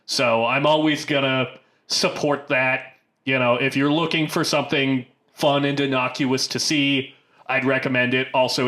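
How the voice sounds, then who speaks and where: A man with a bright, forward voice chats casually as a podcast co-host. He rambles through his points with frequent fillers and restarts, at a middling pitch. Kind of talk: casual chat.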